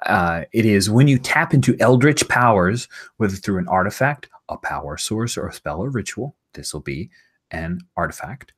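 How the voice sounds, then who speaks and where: Low-voiced man running a tabletop game. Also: expressive, moderate pace, husky. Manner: enthusiastic, rambling, with fillers and laughs. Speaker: game master.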